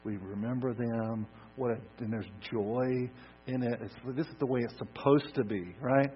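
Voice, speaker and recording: A man preaching a sermon, swinging from loud emphasis to soft, hushed lines. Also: mid-range voice, fairly even intonation, moderate pace. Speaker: pastor. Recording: dull lo-fi recording with mains hum.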